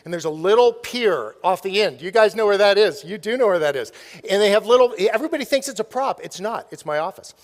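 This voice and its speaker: A middle-aged man delivers a storytelling keynote from a stage, playful and quick to laugh at his own jokes. His voice sits fairly high for a man. The sound carries a long reverberant tail from the large hall. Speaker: keynote speaker.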